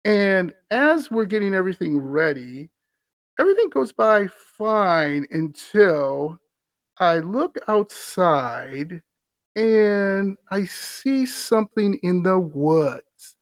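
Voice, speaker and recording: A man's voice: high-pitched, lively intonation, slow, dry recording. A man hosting a podcast, reading a scary story aloud and breaking off for wry, amused asides. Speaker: podcast host.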